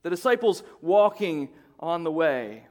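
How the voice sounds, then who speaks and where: A middle-aged man preaching a sermon as pastor, in a conversational way that often repeats words and builds into excited bursts. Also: a little high, a little slow.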